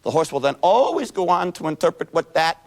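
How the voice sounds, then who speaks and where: A man's voice: fairly high pitch, animated, fairly quick. A man giving a self-help seminar lecture in a folksy, playful storytelling manner. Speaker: seminar speaker.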